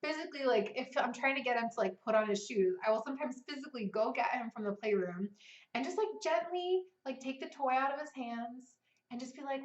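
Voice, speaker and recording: A woman in her thirties talking casually as a writing coach, peppering her speech with "like" and "right?". Her voice sits a little high. The room is echoey and the sound is a bit dull. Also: fast. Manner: chatty, frequent "like" and "right?". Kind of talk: casual vlog talk. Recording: roomy, slightly dull recording.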